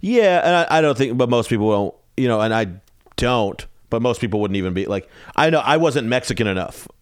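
A man's voice: mid-range voice, lively intonation, a little fast, clean tone, dry recording, studio quality. A comedian from Texas, a man chatting as a podcast guest in hesitant, filler-heavy talk. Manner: hesitant, filler-heavy chat with frequent laughs. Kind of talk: casual podcast chat. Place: home man cave studio.

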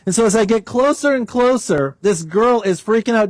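A man's voice: expressive, moderate pace, noisy background. A man preaching a sermon as pastor, leading a prayer and telling a story to his congregation. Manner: storytelling, prays aloud, varies pitch for emphasis.

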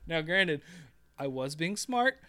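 A man's voice: on the high side, big pitch swings, slow, sharp tone, smooth, no echo. A man chatting casually on a gaming podcast, rambling through stories with lots of fillers and restarts. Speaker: podcast co-host.

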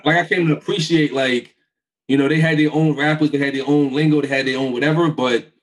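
Easygoing Brooklyn man, fairly high voice. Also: fairly even intonation, brisk, poor audio. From Brooklyn, New York. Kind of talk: casual conversational chat.

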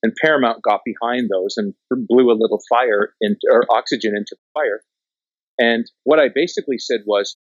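A man's voice: mid-range voice, steady tone, moderate pace, no room sound, muffled recording. A man from Canada, a documentary filmmaker, tells stories casually, swears freely and acts out what people said. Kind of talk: casual storytelling in conversation.

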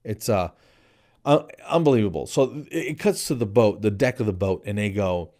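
A man hosting his own comedy podcast, telling rambling, animated stories in a casual way. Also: on the low side, normal speed. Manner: animated, rambling, jumps into playful voices for quoted people.

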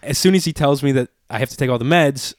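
A young man telling a personal story in casual chat, animated and profane, full of "like". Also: mid-range voice, fast talker, dry recording, studio quality. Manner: animated, profane, heavy use of "like".

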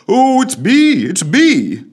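A man voicing a squeaky, timid, quavering old miser in a comic story reading. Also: sing-song, normal speed, breathy edge. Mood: overjoyed. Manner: quavering, overly polite. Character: old male miser, timid, bleary and excitable.

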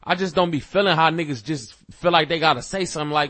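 A man's voice: a little high, fast talker, a bit bright, dry recording. A man hosting a podcast, ranting casually with heavy profanity and rambling fillers, growing heated. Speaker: podcast host. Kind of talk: casual rant.

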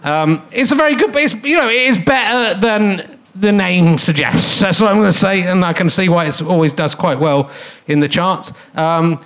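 A man in his fifties with a noticeably high speaking voice hosts a comedy podcast from a theatre stage. He rambles, trips over his own sentences and undercuts himself with jokey, self-mocking asides. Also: moderate pace, few pauses, a bit bright. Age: 50s. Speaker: podcast host. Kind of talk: comic live podcast hosting on stage.

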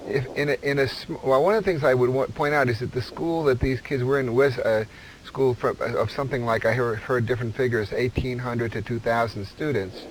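A man's voice: medium pitch, steady tone, a little hiss or hum, poor audio. Probing male radio interviewer. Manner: probing, halting questions.

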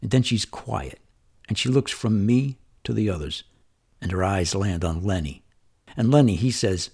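Gravelly, husky man telling a story. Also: lowish voice, lively intonation, normal speed, darkish tone. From New York. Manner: conversational, vivid, wry retelling of childhood. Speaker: memoir storyteller. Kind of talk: personal storytelling monologue.

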